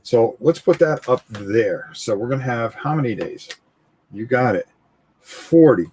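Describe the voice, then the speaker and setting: A man hosting a live tabletop game stream, explaining rules casually and thinking aloud, often pausing on "all right" and repeating himself. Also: mid-range voice, animated, a little mellow, slight background noise. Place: indoors at a gaming table, filmed from overhead.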